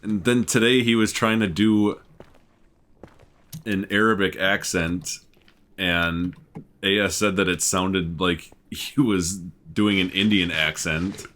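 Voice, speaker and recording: Deep-voiced man with dry deadpan remarks. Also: slow, a little hiss or hum. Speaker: co-player guest. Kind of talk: casual gaming chat.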